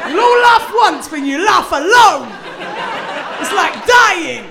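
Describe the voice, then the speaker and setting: A woman's voice: very high-pitched, big pitch swings, unhurried, gravelly, very noisy. A British woman doing a live stand-up set, rambling and self-mocking, slipping into fake-solemn quotes and giggly asides. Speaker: stand-up comedian. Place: comedy club stage in front of a live audience. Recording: live room with loud crowd laughter.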